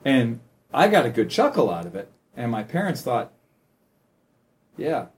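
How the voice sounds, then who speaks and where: A man in casual chat, explaining things in an animated, chatty way. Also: mid-range voice, moderate pace. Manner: animated, chatty explainer who laughs at his own jokes.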